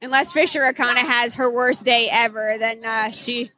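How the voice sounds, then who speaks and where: A woman in casual conversation, gushing and giggling with quick asides. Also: a little high, steady tone, bright, forceful tone. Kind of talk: casual chat.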